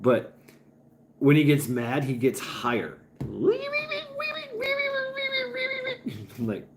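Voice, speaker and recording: Slow, rambling man hosting a livestream. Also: medium pitch, noisy background. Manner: rambling, stammering restarts, profane. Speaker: livestream host. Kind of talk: casual livestream chat, reading chat.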